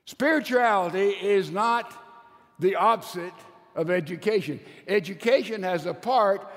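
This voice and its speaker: High-voiced man preaching in a reverberant hall. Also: a bit bright. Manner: emphatic storytelling, stretches key words slowly. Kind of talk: sermon. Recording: long reverb of a large hall.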